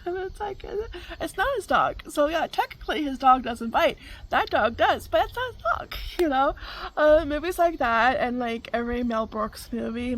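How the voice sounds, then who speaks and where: A woman's voice: a little high, vocal fry, a little hiss or hum, rough recording. A middle-aged woman, hosting a casual chat, rambling with many fillers and frequent laughter. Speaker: vlog host.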